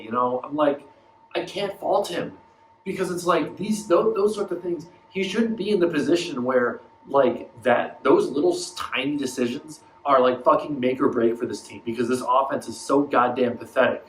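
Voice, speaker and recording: A man's voice: medium pitch, normal speed, reverberant, slight background noise, rough recording. A man ranting about his baseball team in a casual vlog, profane and exasperated, acting out mocking voices as he goes. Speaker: baseball fan vlogger.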